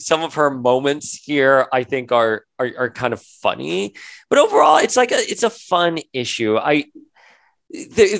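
A man co-hosting a casual comic book podcast, jokey and animated, his voice jumping up when he mocks the characters. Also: medium pitch, creaky, no echo. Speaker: podcast co-host. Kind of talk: casual chat reviewing comics.

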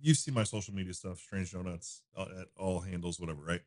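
Low-voiced man telling stories casually. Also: fast, darkish tone. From United States. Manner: loose storytelling with frequent fillers and restarts. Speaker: podcast guest, donut shop owner. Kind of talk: casual conversation.

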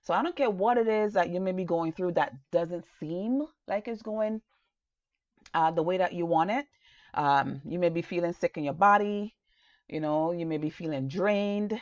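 A woman with a low, dark-toned voice preaches an earnest, encouraging sermon. She talks conversationally, full of "um" and "you know". The recording sounds somewhat dull and lo-fi. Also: moderate pace, dry recording. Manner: encouraging, earnest, loose with fillers.

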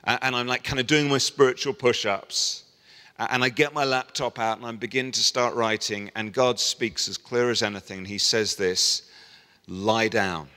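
A middle-aged man preaching a sermon as a pastor, telling stories and lively acting out the people he quotes. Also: mid-range voice, normal speed, smooth. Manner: storytelling, animated voicing of quoted people. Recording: long hall reverb.

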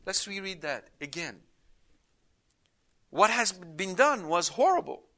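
A man's voice: high-pitched, sing-song, slow, pushed and bright. A man giving an emphatic Bible study lecture, reading scripture aloud with rising intensity. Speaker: Bible teacher.

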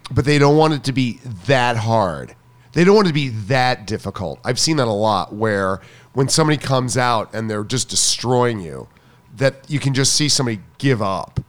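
A man co-hosting a casual chat about tennis coaching, enthusiastic and emphatic, often repeating himself for stress. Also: medium pitch.

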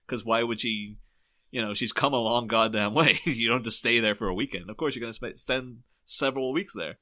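Brief: young male podcast co-host, bright timbre, chatty and rambling. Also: mid-range voice, brisk. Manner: animated, rambling with many fillers and restarts. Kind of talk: casual film discussion.

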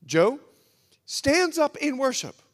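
A man preaching with a high voice that leaps up and down as he tells the story and acts out the quotes. His sermon rings out in a large hall with a long, trailing reverb. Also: big pitch swings, slow, a bit bright. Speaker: pastor. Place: church hall at a men's breakfast.

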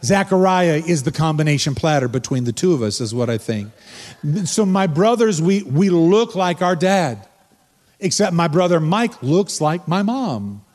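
A man's voice: a little high, big pitch swings, moderate pace, a little mellow. Older male pastor preaching in a reverberant church. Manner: conversational, storytelling preacher who addresses the congregation directly. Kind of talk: sermon. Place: church sanctuary before a congregation. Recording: long reverb from a church hall.

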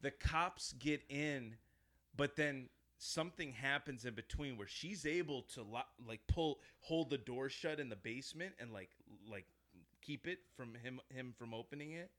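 A man's voice: medium pitch, a little slow. A man in casual chat, retelling a horror film scene by scene, acting out the lines and swearing freely. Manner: animated storyteller, acts out quotes, swears often.

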